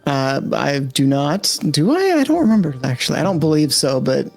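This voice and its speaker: Excitable, rambling man at a tabletop game, fairly high voice. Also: moderate pace, gravelly, faint music behind. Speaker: player. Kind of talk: casual chat.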